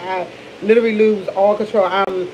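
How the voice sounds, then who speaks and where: A woman's voice: medium pitch, steady tone, moderate pace, darkish tone. Middle-aged dc woman rambling to the camera, kinda dull recording with faint hiss. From Washington, D.C. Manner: candid, rambling, with many restarts. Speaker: vlogger. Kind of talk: casual morning chat to camera.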